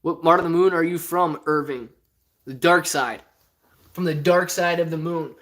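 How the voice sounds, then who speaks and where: A man's voice: a little high, steady tone, moderate pace, a bit bright. A man from Ohio hosting a casual live stream, reading viewer comments aloud in a rambling, joking way and often laughing. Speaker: stock livestream host.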